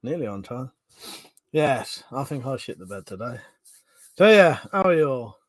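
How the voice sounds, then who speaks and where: A man's voice: medium pitch, sing-song, normal speed, dry recording. A man hosting a casual live stream, chatting with viewers, swearing and laughing often, with a runny nose.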